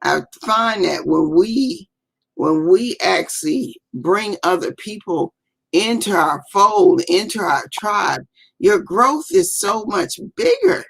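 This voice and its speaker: A woman coach, a guest on a video call, speaking warmly and haltingly and often repeating herself. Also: mid-range voice, sing-song, vocal fry, slightly rough. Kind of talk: casual interview.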